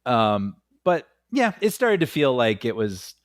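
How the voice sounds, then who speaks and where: A man co-hosting a film podcast in casual chat, giving measured opinions and laughing easily. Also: mid-range voice, sing-song, dry recording, clean studio sound. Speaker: podcast co-host.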